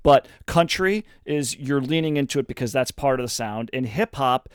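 Male co-host, measured casual explainer, dry close sound. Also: medium pitch, lively intonation, clear, resonant tone, dry recording. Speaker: podcast co-host. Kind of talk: casual music discussion.

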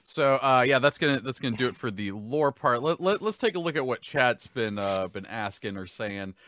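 Giggly American host, lively bright voice. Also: male voice, mid-range voice, normal speed, no echo. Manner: laughs often, stumbles and repeats words. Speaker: host reading chat questions. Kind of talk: casual livestream chat.

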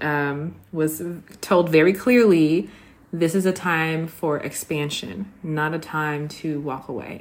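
A woman hosting a casual solo podcast, tired after working late, chatting with listeners and calling them "honey". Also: deep voice. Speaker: podcast host.

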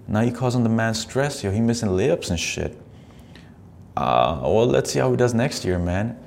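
A man with a very low, gravelly voice riffs profanely through clips and cuts in with mocking asides. He talks casually like a podcast host, with a faint hiss behind him. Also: animated, normal speed, darkish tone.

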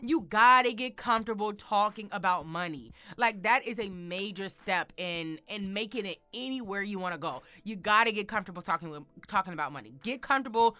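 A woman's voice: medium pitch, expressive, a little fast, hardly any pauses, pushed and bright, dry recording. A woman hosting a casual motivational talk, sassy and emphatic, calling the listener honey. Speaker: show host.

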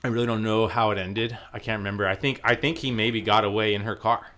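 A man's voice: lowish voice, steady tone, fast talker, pushed and bright. A man from Arizona telling a work story in casual chat, rambling with lots of fillers and swearing. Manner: rambling, filler-heavy, profane, laughs often. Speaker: podcast co-host telling a story.

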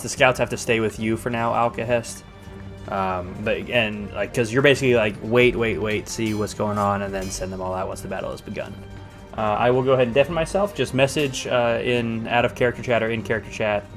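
Man, game master, practical instructions, tabletop game. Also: medium pitch. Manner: practical, directing players. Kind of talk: running an online tabletop war game.

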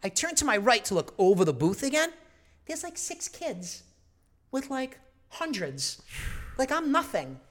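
A man's voice: very high voice, big pitch swings, measured pace, a bit bright. A man telling a long story in casual chat, profane and rambling.

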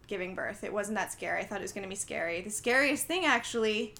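A woman's voice: medium pitch, quick pace, creaky. A young woman chatting casually on a podcast, retelling a film scene by scene and acting out the characters' lines. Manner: animated storytelling, acts out quoted lines. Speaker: podcast co-host recapping a film. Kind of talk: casual chat.

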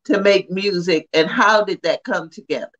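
A podcast host asking questions in a relaxed, unhurried way during a casual interview. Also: mid-range voice. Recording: dull, muffled lo-fi sound.

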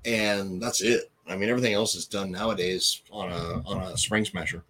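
A man's voice: sits low, fairly even intonation, moderate pace, crowd noise. A man co-hosting a casual racing livestream, joking around and swearing freely while he explains carburetors and car setup. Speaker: racing co-host.

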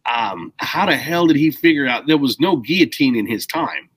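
A man's voice: medium pitch, animated, moderate pace, a bit bright, husky, no echo, poor audio. A man co-hosting a casual chat, explaining at length in a rambling, emphatic way and stressing key words.

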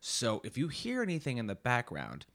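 A man's voice: medium pitch, wildly swooping pitch, normal speed, fairly bright tone. A man co-hosting a podcast, chatting casually and teasing his co-host in joking banter. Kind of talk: casual chat.

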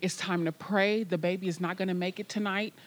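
Lower-pitched woman, guest, emphatic storyteller sharing her faith testimony. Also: steady tone, fairly quick.

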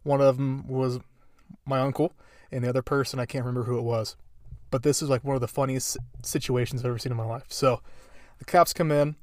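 A man's voice: medium pitch, steady tone, fairly quick, no room sound. A young man hosting a podcast, telling stories in a rambling, amused way with lots of fillers. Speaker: podcast host. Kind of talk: casual storytelling.

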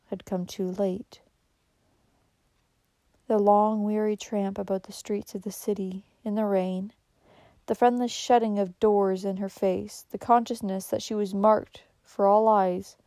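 Woman narrating a story, mellow tone. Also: mid-range voice, no room sound.

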